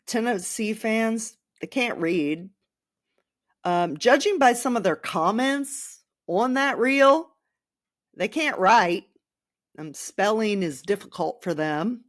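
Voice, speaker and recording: Young adult woman host, casual sarcastic sports rant, slow and rambling. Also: fairly low pitch, dry recording, studio quality. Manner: animated, sarcastic, rambling with asides. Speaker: podcast host.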